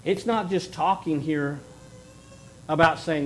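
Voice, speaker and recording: Earnest preacher man, fairly high voice. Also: moderate pace, a little hiss or hum, poor audio. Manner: earnest preaching, swings between loud emphasis and hushed pleading. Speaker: pastor. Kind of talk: sermon.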